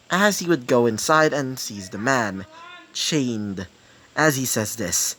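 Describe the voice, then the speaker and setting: Slow rambling young storyteller man. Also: mid-range voice, expressive, pushed and bright. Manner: rambling, hesitant, repeats "as he says this". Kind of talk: improvised fan-fiction narration.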